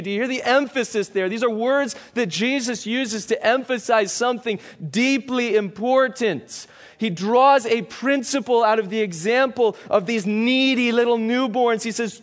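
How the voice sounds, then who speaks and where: A man preaching a sermon as a pastor, earnest and emphatic, moving between stressed peaks and quiet, grave passages. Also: very high-pitched, measured pace, in a large hall.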